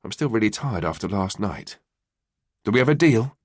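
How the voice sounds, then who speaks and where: A man voicing an adult mother in audiobook dialogue, teasing and affectionate, a little higher than his narrating voice. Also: lively intonation, moderate pace, dry recording, clean studio sound. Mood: tender. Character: warm tired mother, adult woman.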